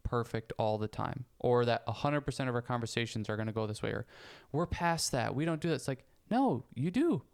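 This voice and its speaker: Podcast co-host, male, smooth clear voice, earnest and casual, swears now and then. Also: mid-range voice, lively intonation, brisk, hardly any pauses. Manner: earnest, reasoning with sports comparisons, casual swearing. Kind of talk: casual conversation.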